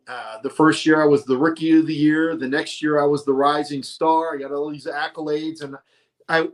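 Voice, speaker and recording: Middle-aged man, fairly high voice, animated storyteller, casual interview guest. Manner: animated, tells stories with quoted voices. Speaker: guest, monster truck announcer.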